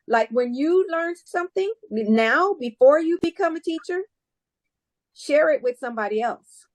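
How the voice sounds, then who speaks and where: A woman's voice: a little high, a little mellow, dry recording. A woman English teacher answering students' questions in a classroom, talking casually and encouragingly with many restarts.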